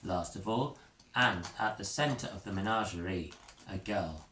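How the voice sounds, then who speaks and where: A man reading an interactive story aloud, expressive and doing character voices. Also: low-pitched, normal speed. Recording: echoey room with faint noise.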